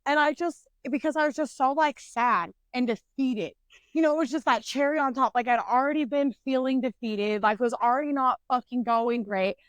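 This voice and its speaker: A young woman co-hosting a podcast, telling a story in a blunt, animated way and swearing constantly. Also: high-pitched, normal speed, dry recording. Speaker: podcast co-host.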